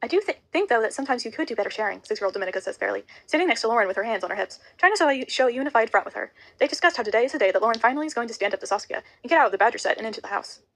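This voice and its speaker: A woman reading a novel aloud, rushing and often stumbling over words. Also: a little high, lively intonation, fairly bright tone, rough recording. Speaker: audiobook reader.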